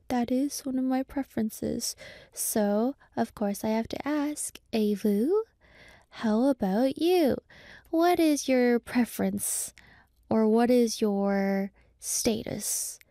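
A woman's voice: a little high, dark tone, no echo, clean studio sound. A woman radio DJ hosting her show in a chatty, rambling way, full of "like" fillers. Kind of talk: casual radio show chat.

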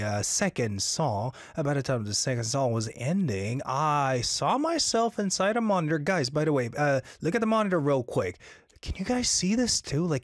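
A man's voice: no echo, clean studio sound. A man hosting a casual radio show, reading listener messages in a chatty, upbeat way. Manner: chatty and upbeat, animated swings in pitch.

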